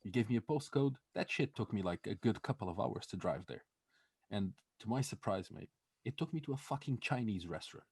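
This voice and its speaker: Lively, swearing man with a husky voice. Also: lowish voice, brisk, no echo, studio quality. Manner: swearing, animated, laughing often, acting out quotes. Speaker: podcast co-host. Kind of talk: casual comedic storytelling.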